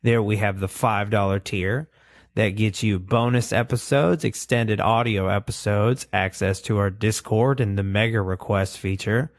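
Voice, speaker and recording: Slow-talking man co-hosting a podcast. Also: on the low side, no room sound. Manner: relaxed, chatty, reads show plugs. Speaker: podcast co-host. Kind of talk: casual chat.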